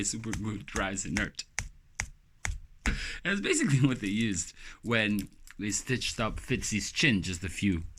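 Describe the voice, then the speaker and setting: A man's voice: on the low side, sharp tone. A man, rambling casually to the camera as a vlogger and joking as he tells stories. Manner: loose, joking storyteller who acts out quoted voices.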